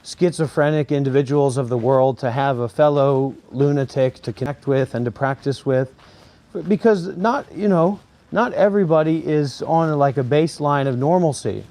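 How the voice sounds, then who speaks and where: A man's voice: medium pitch, normal speed, dark tone. A man who is a former Buddhist monk, talking to camera outdoors in a graveyard. He rambles and preaches, repeating phrases over and over.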